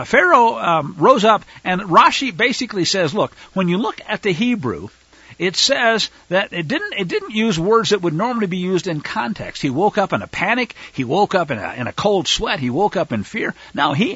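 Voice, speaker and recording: A man's voice: sits high, breathy edge, dry recording, highs cut off. A man teaching scripture to a fellowship, conversational with asides to his listeners and rising to fervent denunciation. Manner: fervent, rises to loud denunciation.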